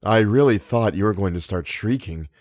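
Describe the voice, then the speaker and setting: A man voicing a teasing, sharp-tongued young woman who speaks in a lightly mocking way. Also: on the low side, normal speed, no room sound, studio quality, natural voice. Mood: soothing.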